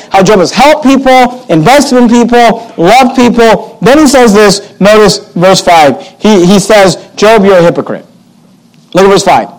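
Guy with a high voice teaching a bible passage, emphatic, keeps repeating himself. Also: poor audio. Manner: emphatic, repeats phrases, reads scripture aloud. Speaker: preacher.

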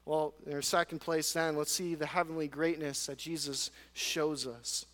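A man's voice: on the high side, flat delivery, normal speed, a bit bright. A male pastor preaching a sermon, earnest, posing rhetorical questions to the congregation and reading scripture, with the odd dry sarcastic aside. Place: church sanctuary. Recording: long reverb of a large hall.

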